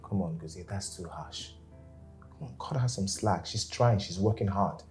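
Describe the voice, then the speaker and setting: Actor as a deep-voiced Nigerian boss. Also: male voice, normal speed, darkish tone, soft background music, close to an everyday voice. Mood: reasoning. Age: 30s. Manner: easygoing, reassuring. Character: calm, kindly company boss and elder brother.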